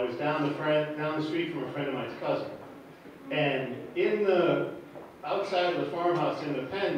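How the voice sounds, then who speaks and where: A man in his forties telling a personal story on stage, halting and nervous, chuckling between lines. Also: fairly high pitch, muffled recording. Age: 40s. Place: hall with a live audience. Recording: echoey room, distant mic, background noise.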